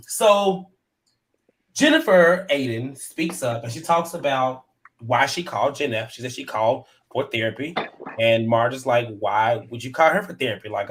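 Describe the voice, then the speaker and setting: A man hosting a live panel, casually recapping a reality episode, animated and often laughing as he acts out what people said. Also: mid-range voice. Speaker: show host recapping episode.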